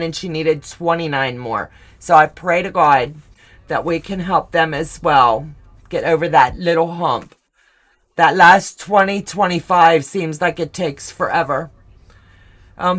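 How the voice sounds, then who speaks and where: A woman with a low, deep voice hosts a live stream in casual chat. She talks at an unhurried, slow pace. She is gushing and effusive, reading out viewer comments as they come in. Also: fairly bright tone. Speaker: host of a live sewing stream.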